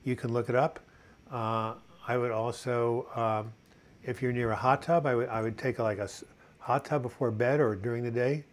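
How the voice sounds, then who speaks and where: An American man in his sixties hosts a casual live video chat on mental health, reading viewer comments and cracking corny jokes and puns. His voice is medium-pitched and steady, at a moderate pace.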